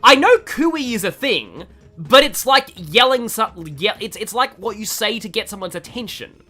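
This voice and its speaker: A streamer with an Australian accent talks through a game in a loose, rambling way, full of fillers and restarts. The voice is bright, and the pitch moves up and down a lot. Faint game music plays in the background. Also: expressive, moderate pace. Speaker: gaming streamer. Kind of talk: casual let's-play commentary.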